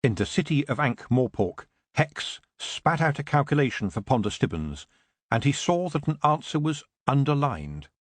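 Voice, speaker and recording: A man narrating an audiobook in an expressive, dramatic reading. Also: mid-range voice, normal speed, no room sound.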